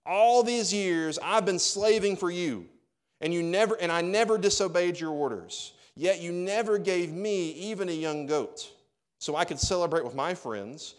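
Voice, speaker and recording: A man's voice: high-pitched, normal speed, pitched above the performer's own voice, close to an everyday voice. A man reading aloud as a resentful older brother during a sermon, indignant and emphatic.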